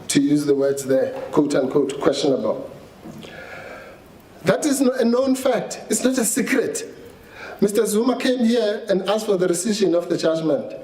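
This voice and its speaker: A man's voice: on the high side, dark tone. A man arguing before the court, restarting his sentences at times before making firm, assertive points. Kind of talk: courtroom legal argument. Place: large courtroom. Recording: roomy courtroom echo, faint hiss.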